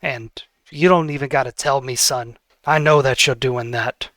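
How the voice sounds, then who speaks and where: A man voicing the ghost of a roguish old father who speaks fondly and haltingly to his son. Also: medium pitch, fairly even intonation, fairly bright tone, dry recording, lightly acted. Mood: tender.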